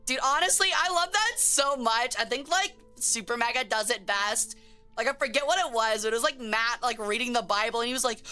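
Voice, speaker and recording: A woman's voice: fairly high pitch, fairly quick, bright, forceful tone. A woman streamer chatting casually on a live stream, slangy and joking as she reacts to chat, with faint music behind her.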